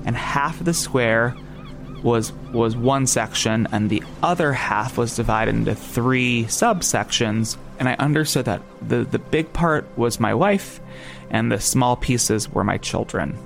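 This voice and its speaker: A man with a New Jersey accent tells a story in a loose, rambling way, stopping and restarting often. His voice has a gravelly edge. Faint music plays underneath. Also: medium pitch, unhurried, a bit bright. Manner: rambling, many fillers and restarts. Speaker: podcast guest. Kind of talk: casual storytelling.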